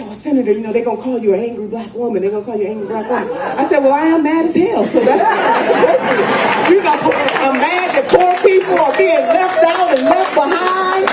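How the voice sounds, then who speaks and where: A woman state senator giving a fiery, emphatic political speech to a live audience at a conference. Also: high voice. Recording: echoey room, distant mic, crowd noise.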